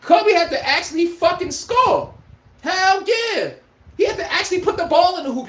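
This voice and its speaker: A man hosting a podcast, delivering a heated, profane sports rant with an incredulous tone. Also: sits high. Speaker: podcast host. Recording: echoey room.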